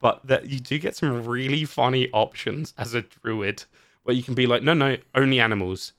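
A man with a mid-range voice chats on his podcast, animated and quick to laugh, with casual swearing. The sound is dry and close, with no room around it. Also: mid-range voice, no room sound. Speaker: podcast host. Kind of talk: casual chat.

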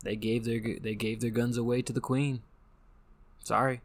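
A man's voice: mid-range voice, flat delivery, moderate pace. An American man hosting a casual monologue, rambling and joking with frequent restarts. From United States. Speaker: podcast host.

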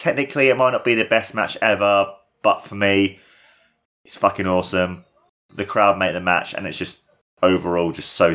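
A man with a lowish voice, hosting a casual watchalong. He gushes and gets excited, and his sentences run on with "like" and "you know". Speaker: podcast host.

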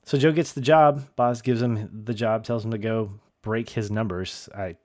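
Man, podcast co-host, lower voice, enthusiastic and giggly, dry studio sound. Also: steady tone, normal speed, a little mellow, dry recording. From American South. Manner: enthusiastic, laughs often, gushing. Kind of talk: casual chat recapping a TV show.

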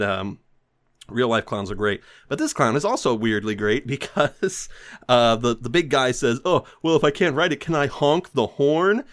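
A man's voice: mid-range voice, fairly bright tone. A man hosting a podcast who rambles through a film recap casually, swears freely, pokes fun at himself, and laughs often. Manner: rambling, profane, self-mocking, laughs often. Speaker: podcast host reviewing a film. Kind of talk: casual solo commentary.

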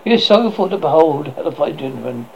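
Old witch woman, cackling and doting, put on by a male reader; gravelly, sharp, swooping pitch. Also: expressive, fast talker. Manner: sharp high tone. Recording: dull lo-fi with faint noise.

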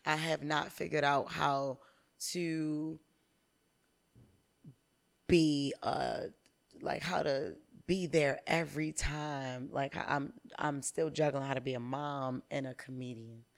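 A woman in her thirties, a comedian guest on a podcast, telling candid stories in an animated, profane way. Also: deep voice, slow, creaky.

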